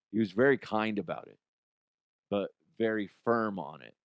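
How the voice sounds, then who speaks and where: A man's voice: fairly low pitch, normal speed, dry recording. Blunt, profane middle-aged man. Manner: blunt and profane, acts out quotes in a raised voice. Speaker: podcast host and youth coach. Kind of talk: casual monologue.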